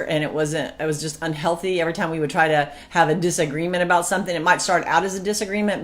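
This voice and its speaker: A woman co-hosting a casual talk on marriage, who speaks in an animated way and acts out past arguments. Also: sits low. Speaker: marriage podcast co-host. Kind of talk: casual chat.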